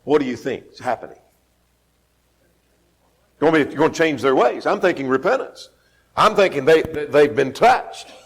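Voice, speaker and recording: A man's voice: a little high, expressive, normal speed, long pauses, slight background noise. A man teaching a Bible class, emphatic, repeating key phrases and putting questions to the class.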